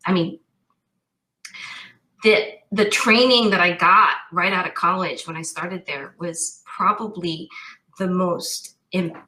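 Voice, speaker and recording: Woman guest, cyber risk expert, bright voice, thinks aloud and restarts sentences. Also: fairly low pitch, poor audio. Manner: thoughtful, many restarts. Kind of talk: casual interview talk.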